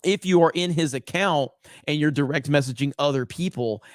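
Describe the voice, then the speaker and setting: A man hosting a live stream, reading viewer comments aloud in a relaxed, casual chat full of ums and uhs. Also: fairly high pitch, a little fast, no echo, clean studio sound. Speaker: host.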